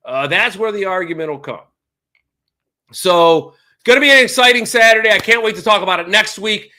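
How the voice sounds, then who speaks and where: A man hosting a live-streamed sports talk show, ranting with sarcasm and lively energy. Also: high-pitched, a little fast. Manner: sarcastic, animated rants. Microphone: streaming setup mic.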